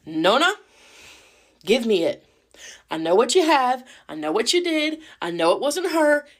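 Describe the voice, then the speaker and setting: A woman voicing a firm male doctor who gives slow, low commands. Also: sing-song. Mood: stern firm. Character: stern, dry male doctor, patient but firm.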